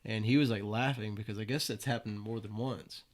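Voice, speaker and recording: On a podcast, a laid-back young guest tells stories full of swearing and acted-out quotes. He talks a little fast in a lowish voice with a steady tone.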